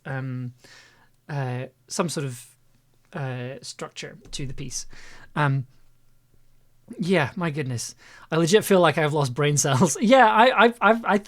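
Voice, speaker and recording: Lower-voiced woman chatting on a live stream. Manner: rambling, laughs often, self-mocking. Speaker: live streamer and audio producer. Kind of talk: casual live-stream chat.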